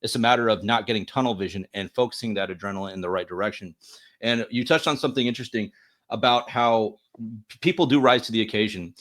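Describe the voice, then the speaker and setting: An earnest man with a fairly low voice, making his case in a casual podcast discussion. He presses his points with emphasis and often repeats a word while he gathers the next thought. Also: fast talker, a bit bright. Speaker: podcast co-host.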